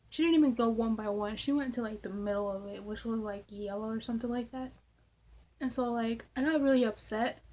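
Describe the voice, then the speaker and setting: A woman's voice: fairly high pitch, a little mellow. A young woman vlogger answering Q&A questions and rambling through a story, filling her talk with "like" and swearing casually. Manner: chatty, rambling, lots of "like".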